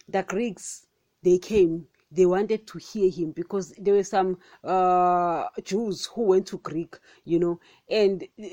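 A woman's voice: lowish voice, mellow, dry recording. A woman hosting a podcast, giving a casual, rambling Bible talk, with many fillers, rhetorical questions, and frequent calls to listeners as guys. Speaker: podcast host. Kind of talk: casual Bible teaching monologue.

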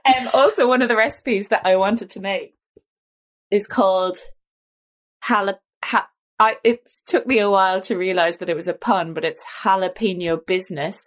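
With a medium-pitched voice and moderate pace, this young woman from Ireland co-hosts a relaxed podcast conversation about a cookbook. She talks easily and breaks into laughter frequently.

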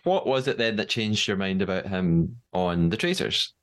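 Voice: deep voice, sing-song, normal speed. A podcast host who mostly listens with short replies and asks long, careful questions. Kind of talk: interview.

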